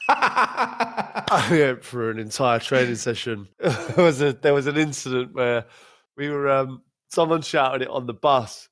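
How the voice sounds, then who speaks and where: A man's voice: mid-range voice, animated, takes it slowly, pauses often, fairly bright tone. A man casually telling a funny story on a podcast, laughing often and repeating words as he goes. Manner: laughs through his stories, repeats words, acts out quotes. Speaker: podcast host, former footballer.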